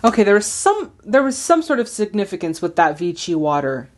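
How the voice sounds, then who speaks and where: A young woman hosting a film reaction, talking in a gushing, excitable way full of "like"s. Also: mid-range voice, a little fast, loud music behind the voice. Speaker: host reacting to a classic film. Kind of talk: casual reaction commentary.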